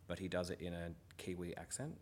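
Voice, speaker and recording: An Australian man, a comedian, chatting casually and telling stories in a relaxed way that trails off quietly. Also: sits low, a little fast, slight background noise. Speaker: comedian, guest. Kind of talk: casual chat.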